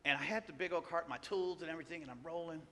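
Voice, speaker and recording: A man preaching a sermon, telling a personal story with animated delivery and acting out the voices of the people in it. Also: a little high, rapid-fire. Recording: long hall reverb.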